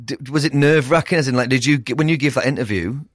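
A man hosting a casual interview, chatty and animated, laughing often. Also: mid-range voice, quick pace, dry recording, studio quality. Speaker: podcast host.

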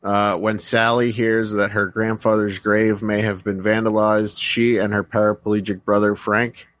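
A man's voice: lowish voice, little pitch movement, unhurried, a bit bright, no room sound. A man co-hosting a live podcast, reading out movie facts with a lot of "uh" fillers. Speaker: podcast co-host. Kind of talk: casual live podcast chat.

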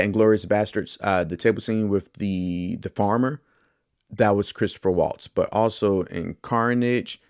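A man's voice: low-pitched, darkish tone, no room sound, clean studio sound. A man hosting a movie podcast, talking casually and enthusiastically, often rambling and correcting himself. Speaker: podcast host.

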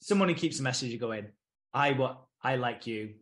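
A man's voice: medium pitch, moderate pace, fairly bright tone. A British man co-hosting a podcast, dryly recapping scenes in casual chat. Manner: dry recapping, retells scenes with quoted voices. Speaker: podcast co-host.

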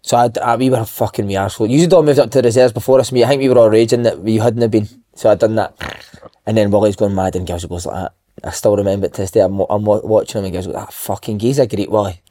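A man's voice: fairly low pitch, fairly even intonation, racing, mellow. A Scottish man, a podcast co-host, telling laddish, sweary stories and calling everyone mate. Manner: laddish, swears a lot, calls people mate. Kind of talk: casual chat.

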